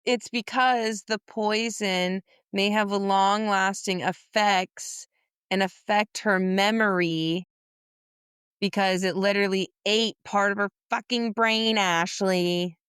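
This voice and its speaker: A woman co-hosting a book podcast, speaking in a measured, thoughtful way and swearing casually. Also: mid-range voice, steady tone, fairly bright tone, clear, resonant tone, no room sound, studio quality. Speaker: podcast co-host.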